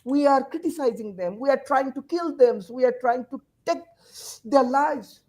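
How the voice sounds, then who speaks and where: A high-pitched woman speaks over a video call. She talks with urgent, emotional force, stacking repeated phrases and questions like a teacher pleading with her peers. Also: normal speed, a little mellow, rough recording. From Bangladesh. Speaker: university teacher and forum panelist. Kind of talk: impassioned panel speech.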